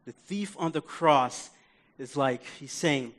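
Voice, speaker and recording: Animated young male preacher. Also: fairly high pitch, slow. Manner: conversational, animated preaching that drops to soft pleading. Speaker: pastor. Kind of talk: sermon.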